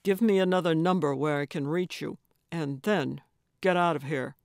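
A woman's voice: moderate pace, no echo, studio quality. A woman doing a curt, guarded man in hiding. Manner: curt, wary, low-key.

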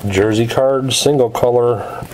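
A man's voice: mid-range voice, measured pace, darkish tone, slight background noise, low-quality recording. A man casually narrating as he opens packs of trading cards, reading out each card's details in a methodical way. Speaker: card break host.

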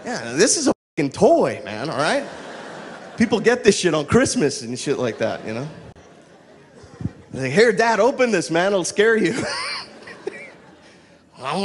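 A man's voice: sits high, big pitch swings, a little slow, long pauses, slight background noise. A man from El Paso with a Texan accent doing a rowdy, profane stand-up routine on a club stage, mixing in Spanish slang. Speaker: stand-up comedian.

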